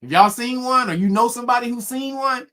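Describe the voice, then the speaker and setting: A man's voice: extremely high pitch, a little fast. A man casually telling a spooky story, cursing freely and laughing often. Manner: profane, laughing often, animated.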